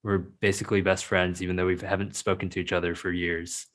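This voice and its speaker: Young male podcast host, very low voice, relaxed and friendly. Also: brisk. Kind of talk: podcast interview.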